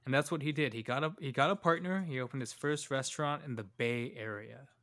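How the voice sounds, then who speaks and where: A young man co-hosts a podcast, telling a story in a loose, joking way packed with fillers. His voice is medium in pitch and fairly bright, and he talks fairly quickly. It's a casual storytelling chat.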